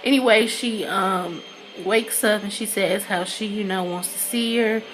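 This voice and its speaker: A woman's voice: mid-range voice, background noise. A woman recapping a TV episode in casual, rambling talk, full of "you know" and "uh", now and then acting out characters' lines. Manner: acts out characters' lines in quick asides. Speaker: TV episode reviewer.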